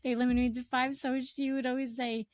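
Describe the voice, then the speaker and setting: A woman co-hosting a podcast, chatty and quick to react as she tells her own stories. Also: high voice, flat delivery, no room sound, studio quality. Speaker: podcast co-host. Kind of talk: casual chat.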